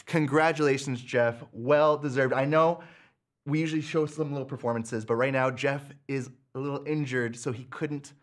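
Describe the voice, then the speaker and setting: A man's voice: medium pitch, fairly even intonation, moderate pace. Upbeat Canadian man at the piano. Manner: upbeat, laughs easily, keeps the show moving. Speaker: piano teacher and co-host. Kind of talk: casual live-stream chat. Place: indoors at a piano.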